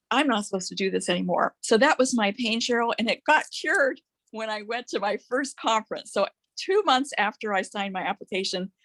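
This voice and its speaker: A woman's voice: mid-range voice, fairly bright tone, no echo. A middle-aged woman, a physician, earnestly telling a story and quoting the people in it. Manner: earnest storytelling, quotes others in dialogue. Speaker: physician turned business leader. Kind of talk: recorded conversation in a training call.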